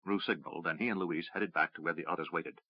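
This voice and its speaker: A man narrating a fantasy audiobook in a steady, measured reading. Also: low-pitched, dry recording. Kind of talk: scripted narration. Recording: dry, slightly dull audiobook recording.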